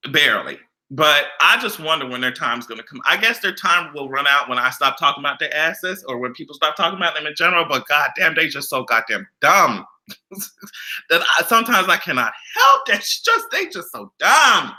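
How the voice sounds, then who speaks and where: A man's voice: on the high side, moderate pace. Sassy, profane gossip vlogger man. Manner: blunt, profane, sassy and animated. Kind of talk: casual celebrity gossip commentary.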